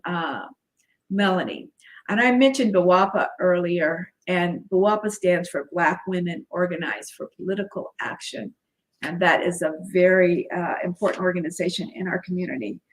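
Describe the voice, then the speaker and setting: A woman's voice: lowish voice, moderate pace. A middle-aged woman hosting a livestream interview, welcoming a guest and encouraging her audience to join the chat. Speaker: host.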